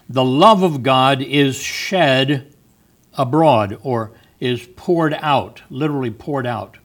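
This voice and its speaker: A man leading a Bible study, explaining the meaning of words step by step. He talks at an ordinary pitch, with frequent ums and restarts as he works through each thought. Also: fairly bright tone. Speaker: Bible teacher.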